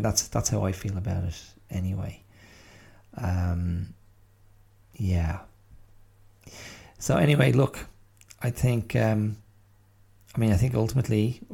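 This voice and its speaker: A man's voice: low-pitched, gravelly, dark tone, slightly rough. A middle-aged man hosting a podcast, musing aloud in a thoughtful, hesitant way with many restarts. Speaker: podcast host. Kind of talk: reflective solo monologue.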